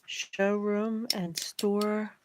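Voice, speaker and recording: Slow-talking excited crafts vlogger woman. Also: mid-range voice, noisy background. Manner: excited and chatty, drops to near-whispers. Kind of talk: casual chat.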